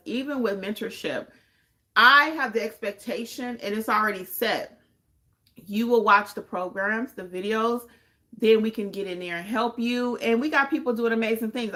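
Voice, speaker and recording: A woman with a bright, medium-pitched voice hosts a podcast and trains notaries. On a livestream she answers viewer questions emphatically, repeating points for effect.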